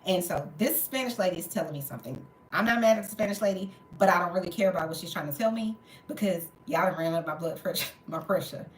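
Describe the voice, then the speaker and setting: A woman's voice: lowish voice, fast talker, few pauses. Exasperated woman, roomy echo. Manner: animated, exasperated retelling with swearing. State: tired and in pain. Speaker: storytelling vlogger. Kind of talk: casual storytime chat.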